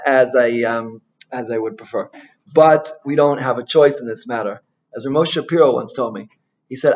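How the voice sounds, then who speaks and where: In a muffled recording, a rabbi with a mid-range voice tells stories animatedly during a casual Torah talk. He weaves in Hebrew and Yiddish words and keeps checking in with "right?".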